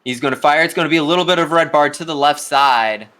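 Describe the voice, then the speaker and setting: Bright-voiced casual game commentator. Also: male voice, fairly high pitch, quick pace. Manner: casual, chatty, talks to players directly. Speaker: tournament commentator. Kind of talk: live play-by-play commentary.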